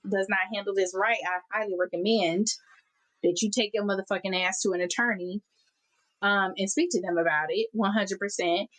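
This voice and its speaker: A woman's voice: medium pitch, no room sound. A woman hosting a podcast, giving heated, profane workplace advice in a blunt, emphatic way. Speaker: podcast host. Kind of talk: casual advice podcast monologue.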